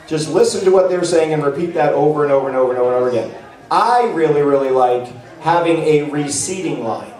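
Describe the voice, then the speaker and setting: A panel presenter speaks casually and ramblingly to a live convention audience, his talk packed with fillers and restarts. His voice is fairly high and a little mellow, with lively intonation and a fast delivery. The room is echoey and the mic sits far away.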